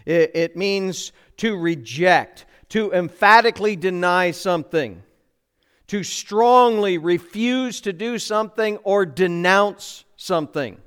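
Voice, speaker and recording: A middle-aged male pastor preaches in a church, his voice set high for a man and smooth, resonant and clear. He presses his points with emphatic repetition and rhetorical questions to the congregation. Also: slow pace, a bit bright. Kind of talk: sermon. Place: church sanctuary.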